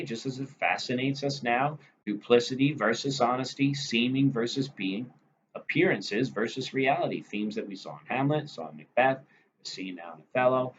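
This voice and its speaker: A man teaching a literature lesson in a conversational way, reading quoted lines aloud and checking in with the listener. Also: on the low side. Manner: conversational, frequent "right?" check-ins. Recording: dull lo-fi recording with faint noise.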